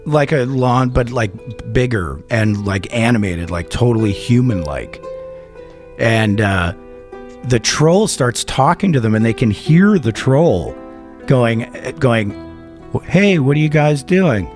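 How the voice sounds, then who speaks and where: A man's voice: medium pitch, slow pace, soft background music. Rambling man telling a wild story. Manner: rambling, swears a lot, animated retelling. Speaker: podcast co-host. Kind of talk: casual comedic storytelling.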